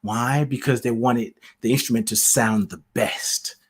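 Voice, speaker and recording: A male podcast host talks alone into his own mic, sharing spiritual thoughts in a loose, casual monologue. He muses aloud, laughs often, and sometimes loses his thread before finding it again. His voice sits at a middle pitch. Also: steady tone, moderate pace, husky. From lives in the UK. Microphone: solo podcast mic, self-produced.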